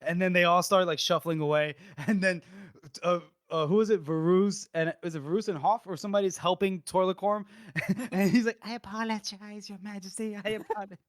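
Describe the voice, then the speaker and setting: A man's voice: high-pitched, moderate pace, dry recording, clean studio sound. A man co-hosting a podcast, animatedly retelling a book scene with laughs and casual chat. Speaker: podcast co-host.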